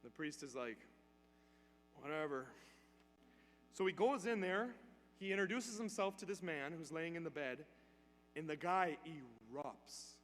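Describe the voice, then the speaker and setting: A male priest giving a sermon in a church, telling a story in a conversational, animated way. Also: on the high side, normal speed. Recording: long church reverb, faint hum.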